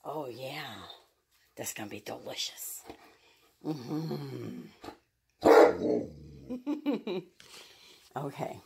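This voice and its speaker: Playful woman with a lively voice. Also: a bass voice, drawn-out words, creaky, pauses often, heavy background noise. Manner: playful, talks sweetly to her dogs and viewers. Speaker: vlogger, dog owner. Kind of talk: casual pet vlog.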